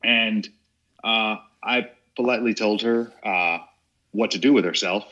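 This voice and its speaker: A man on a podcast as a guest, telling a comic story in an animated way. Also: on the low side, a little slow. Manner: animated, laughs as he tells it. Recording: dull lo-fi audio.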